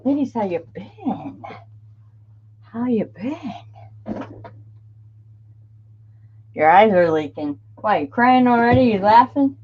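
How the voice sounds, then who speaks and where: A woman's voice: mid-range voice, lively intonation, moderate pace, few pauses, a little hiss or hum. Woman, middle-aged, craft live-stream host, chatty, laughs a lot, dull lo-fi sound. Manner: chatty, laughs often, greets viewers by name. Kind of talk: casual live-stream chat.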